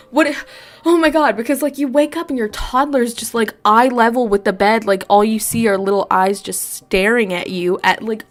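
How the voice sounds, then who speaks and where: A woman vlogger telling childhood stories in a casual, animated way, laughing often. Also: on the high side. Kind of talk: casual storytime chat.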